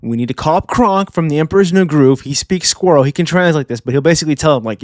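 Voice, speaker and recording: A man's voice: on the high side, fast talker, dry recording, clean studio sound. Slangy young man hosting a manga review. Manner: animated, slangy, does voices for characters. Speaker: manga review channel host. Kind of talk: casual video commentary.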